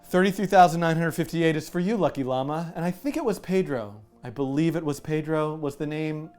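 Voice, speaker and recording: A man hosting a live coding stream, chatting casually, animated and self-mocking, laughing often. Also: on the high side, a little fast, faint music behind. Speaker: livestream coding host. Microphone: headset with music in his ear.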